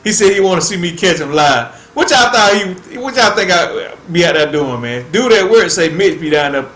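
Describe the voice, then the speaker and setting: Man, casual fishing-channel host, laid-back drawl, fairly high voice, echoey room. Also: lively intonation, a bit bright. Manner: laid-back, says "man" constantly, drawn-out phrasing. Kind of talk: casual chat to viewers.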